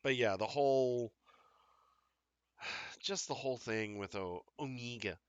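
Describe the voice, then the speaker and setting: A man's voice: mid-range voice, takes it slowly, clear, resonant tone, dry recording, dull audio. A man co-hosting a live fan talk show, chatting casually with frequent fillers and restarts. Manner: rambling, many fillers and restarts. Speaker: podcast co-host. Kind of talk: casual live-stream chat.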